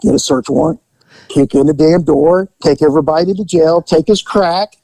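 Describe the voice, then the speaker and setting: A man hosting a podcast, telling a police story in a relaxed, conversational way and acting out the people in it. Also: a little high, moderate pace, creaky, dry recording, rough recording. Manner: animated storyteller who acts out the people in his story. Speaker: podcast host and former police officer. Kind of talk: casual storytelling.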